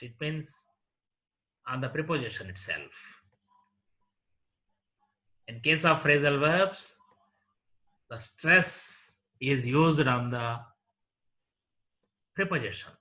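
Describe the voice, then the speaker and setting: A man with an Indian English accent teaching a slow, deliberate lesson, repeating word lists one item at a time. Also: a little high, sharp tone. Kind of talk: classroom lecture.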